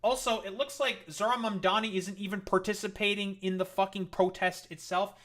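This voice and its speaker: A man's voice: sits high, fairly even intonation, a little fast, a bit bright. A man streaming live and commenting in a heated, profane and sarcastic rant.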